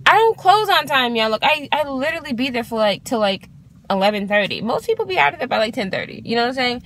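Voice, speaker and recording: A woman in her twenties telling an exasperated storytime rant to her vlog, swearing freely and talking in an animated way. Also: sits high, quick pace, slight background noise. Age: 20s. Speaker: vlogger.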